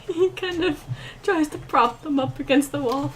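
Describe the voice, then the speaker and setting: A woman's voice: high voice, normal speed, a little hiss or hum. A woman playing a tabletop game, giggling as she describes her character's actions. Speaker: player. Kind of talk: tabletop game role-play.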